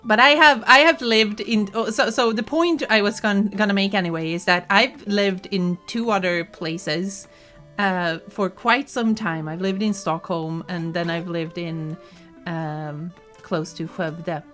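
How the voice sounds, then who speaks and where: A woman's voice: mid-range voice, unhurried, fairly bright tone, faint music behind. A woman from southern Sweden with a southern Swedish accent, chatting casually on a stream with many restarts and laughs, Swedish her first language. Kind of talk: casual chat.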